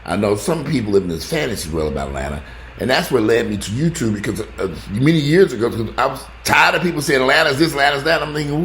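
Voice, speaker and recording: A man talking casually to his viewers, rambling and joking, swinging between loud exclamations and low asides. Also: animated, fast talker, a little hiss or hum. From United States. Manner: rambling, joking, talks straight to the audience. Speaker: vlogger.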